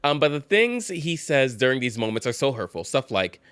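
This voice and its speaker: A man hosting a show reacting to relationship posts, talking casually with sass and high-pitched bursts of laughter. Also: normal speed, heavy background noise. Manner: animated, sassy, bursts into high-pitched laughter and mocking voices. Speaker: host reacting to reddit posts. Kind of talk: casual commentary.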